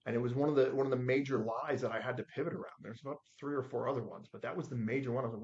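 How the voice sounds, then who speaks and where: A man's voice: medium pitch, rapid-fire, hardly any pauses. Guy in his 40s telling business stories, does the voices, kinda dull lo-fi sound. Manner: animated storyteller acting out his own quotes. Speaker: guest. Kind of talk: storytelling in a podcast interview.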